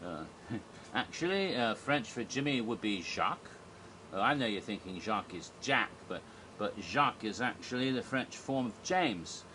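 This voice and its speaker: A man's voice: medium pitch, animated, normal speed, pushed and bright, slight background noise. A man vlogging in a casual, rambling monologue, digressive, chuckling at his own jokes with many fillers.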